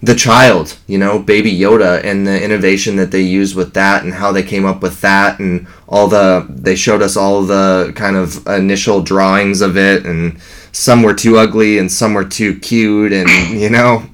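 A man's voice: deep voice, level tone, normal speed, fairly bright tone. A man chatting casually and enthusiastically, rambling with fillers. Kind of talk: casual fan chat.

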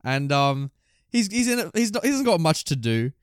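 A man's voice: on the high side, very animated, moderate pace, clean tone, dry recording, studio quality. A young man co-hosting a podcast, teasing and swearing casually. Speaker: podcast co-host.

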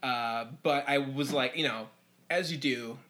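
A podcast guest talking casually about his games in a bright, forward voice. He strings his thoughts together loosely with many "like"s and "uh"s. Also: mid-range voice, a little slow. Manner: rambling, many fillers. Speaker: podcast guest, dungeon master. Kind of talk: casual chat.

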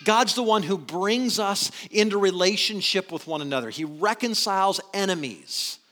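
A man preaching a sermon in an animated way, swinging between loud emphasis and quiet asides. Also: high voice, normal speed. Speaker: pastor.

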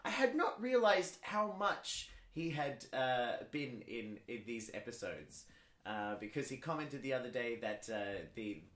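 Slow, bright-voiced man with lively pitch. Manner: lively, drawn-out delivery with frequent fillers. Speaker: podcast co-host. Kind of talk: casual comedic chat. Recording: echoey room.

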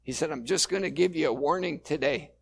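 A male pastor preaching a sermon in a relaxed, conversational storytelling way, with frequent fillers. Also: a little high, a little fast, gravelly.

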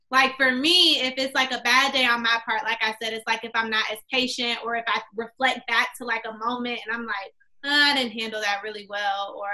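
Young female teacher, bright higher voice, animated storyteller. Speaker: kindergarten teacher, guest. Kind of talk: casual podcast chat.

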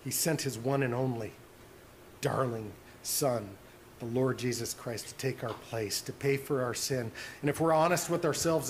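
A man preaching a sermon as pastor, earnest, dropping to soft hushed tones on tender points. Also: mid-range voice, slight background noise.

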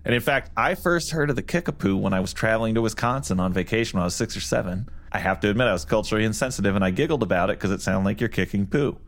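Podcast co-host, male, lower voice, dry and self-deprecating. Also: rapid-fire, few pauses. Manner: wry, self-deprecating asides. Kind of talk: casual book discussion.

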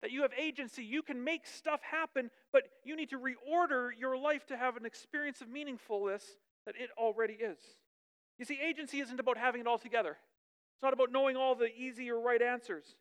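A woman preacher giving a conversational sermon, lively and chatty, often checking in with her listeners. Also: sits high, a little fast, clear, resonant tone.

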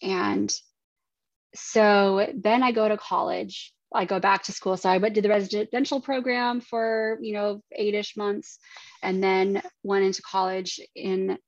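A woman in her thirties shares her own story as a podcast guest, speaking in an earnest, halting way. Her voice carries a gravelly fry. The recording is dry, with little room sound, and a bit dull. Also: mid-range voice, steady tone, no echo. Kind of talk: personal testimony in a podcast interview.

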